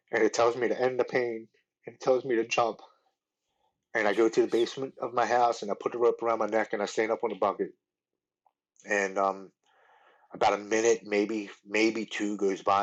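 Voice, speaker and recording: Male guest, lowish voice, earnest and halting, stumbles and repeats words while telling his story. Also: highs cut off. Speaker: podcast guest. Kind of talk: personal recovery story.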